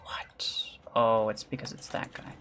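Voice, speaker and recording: A male gaming streamer talking casually to his live chat. He answers viewers' questions in a loose, offhand way and slips into low mutters while he plays. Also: little pitch movement, unhurried, creaky, sharp tone, in a whisper. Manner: chatty, reads and answers chat, mutters during play. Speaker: gaming livestreamer.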